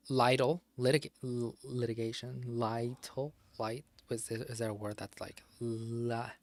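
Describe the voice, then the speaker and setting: A man's voice: medium pitch, no echo. A man casually talking to himself during gameplay, spelling out words letter by letter and muttering as he works through crossword clues, with the odd curse of frustration. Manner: swears in mild frustration. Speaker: gaming streamer. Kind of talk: casual solo gameplay commentary.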